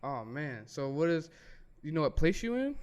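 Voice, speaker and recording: A man hosting a casual interview, asking curious, playful questions and repeating words when excited. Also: a little high, normal speed, dull audio. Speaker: interview host.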